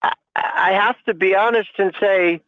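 A man's voice: sits high, measured pace. A man speaking earnestly as a church panelist, preaching with many fillers over a lo-fi stream. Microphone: online call or stream mic.

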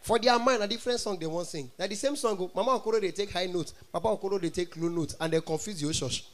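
A Nigerian-accented male comedian tells stories on stage in an animated way, often breaking into mock singing. His voice sits high for a man. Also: fast. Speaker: stand-up comedian. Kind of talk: stand-up comedy in Pidgin.

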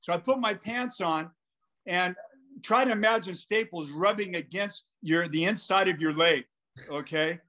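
A man's voice: sits high, a little slow, pushed and bright. An older man, a basketball coach and guest, telling anecdotes casually over a call and acting out the quotes in his stories.

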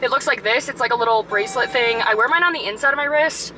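Young woman fitness vlogger, bright and higher-pitched, chatty and upbeat, phone-camera talk. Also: fast talker, slight background noise, low-quality recording. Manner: chatty, upbeat, lots of "like" and "super". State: out of breath after a workout. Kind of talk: casual vlog talk to camera. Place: outside a gym and at home.

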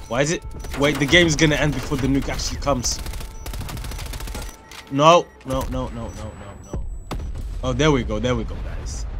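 A young man giving live gameplay commentary, excitable and crude, trash-talking opponents and shouting at kills. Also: mid-range voice, a little hiss or hum. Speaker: gaming YouTuber. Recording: faint music and gunfire behind. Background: game music and gunfire.

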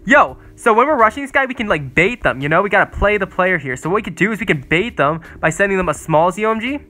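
A teenage boy giving casual, excitable gameplay commentary, chatting and teasing his opponent as he plays. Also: sits high, fast talker. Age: teens. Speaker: gaming video creator.

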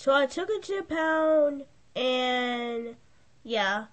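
Brief: chatty woman game narrator, high voice, slow easy pace. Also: lively intonation, slight background noise. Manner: chatty, addressing viewers directly. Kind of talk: casual narration over game role-play.

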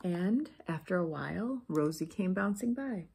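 A woman reading a children's picture book aloud, expressive and pointing out the pictures. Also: on the low side, a little slow, gravelly, background noise. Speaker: storybook reader.

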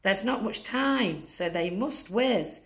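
A woman reading a rhyming picture book aloud to children, rhythmic and deliberate, dropping low on the sound-effect words. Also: lively intonation. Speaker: masked guest reader.

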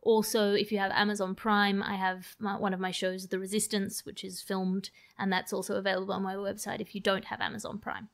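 A woman's voice: mid-range voice, flat delivery, a little fast, creaky, hardly any pauses. An Australian woman comedian, a guest on a podcast, talking in a dry, wry way and laughing often. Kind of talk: casual interview chat.

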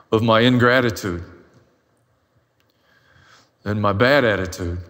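A man's voice: mid-range voice, a bit bright, long reverb tail. A man preaching a sermon as a pastor, telling his own story in a candid, self-deprecating way.

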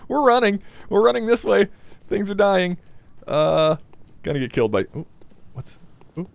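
A man's voice: high-pitched, big pitch swings, normal speed, gravelly, dry recording. A man commentating his own gameplay in a playful, casual way, chatting to the enemies and swearing now and then. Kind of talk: let's play commentary.

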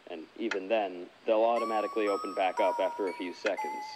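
A man voicing a casual phone guide in a horror video game, giving relaxed, chatty instructions. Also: low-pitched, quick pace, music in the background, natural voice, low-quality recording. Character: casual male night-shift guide on a phone.

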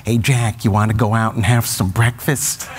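A man putting on a gruff tough-talking boy. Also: fairly low pitch, steady tone, background noise, natural voice. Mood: gruff drawl. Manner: slow, gruff drawl. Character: wisecracking young boy doing a gruff tough-guy impression.

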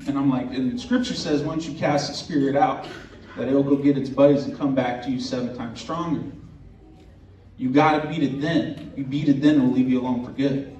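A man telling a true ghost story to an audience in an earnest, unhurried way, with religious language. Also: medium pitch, steady tone, dark tone, slight background noise. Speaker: host telling a personal story. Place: indoor event room. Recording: roomy, distant, dull recording with faint ambience.

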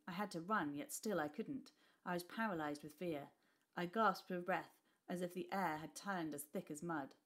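A woman teacher reading a class novel aloud with expressive storytelling. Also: lowish voice.

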